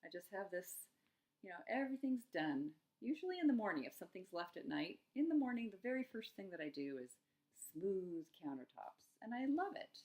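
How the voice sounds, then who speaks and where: A middle-aged woman coaching on eating struggles in a gentle, musing self-help talk, with soft laughs between thoughts. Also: mid-range voice, big pitch swings, fairly quick.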